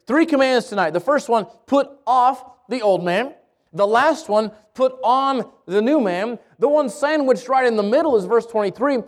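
Male pastor, high voice, energetic storytelling sermon with lots of restarts. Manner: lively storytelling with repeated restarts. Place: church in Albuquerque.

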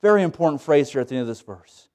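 High-pitched guy preaching a sermon, folksy and dramatic, acting out the story. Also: expressive, quick pace, darkish tone. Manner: folksy and dramatic, acts out scenes.

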